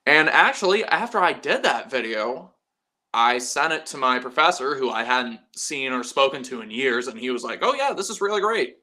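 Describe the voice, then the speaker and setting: A man's voice: mid-range voice, animated, normal speed, bright, forceful tone. A young man hosting a casual livestream, chatty and profane, mocking himself and laughing often. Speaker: livestream host.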